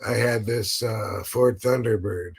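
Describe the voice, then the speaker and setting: A man's voice: lowish voice, measured pace, vocal fry, husky. A man hosting a podcast, telling a rambling story full of restarts and acted-out quotes. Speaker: podcast host. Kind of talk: casual chat.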